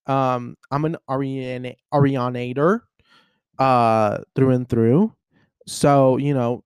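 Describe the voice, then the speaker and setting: Young male podcast host, casual storyteller, mid-pitched, dry close sound. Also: measured pace, clean tone, no room sound. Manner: animated storyteller, acts out voices. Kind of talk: casual chat.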